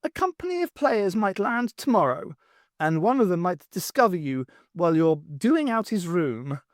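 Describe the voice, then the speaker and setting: A woman's voice: fairly low pitch, very animated, normal speed, dry recording, clean studio sound, voice pushed up. A woman voicing a plump, earthy female cook who is blunt and sarcastic. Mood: teasing.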